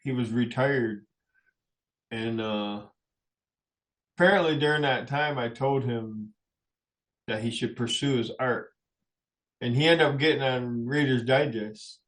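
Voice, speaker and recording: A man's voice: medium pitch, unhurried, pauses often. A middle-aged man, a musician guest in a radio studio, tells personal stories in a rambling, anecdotal way with frequent chuckles. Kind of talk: personal storytelling in a radio interview.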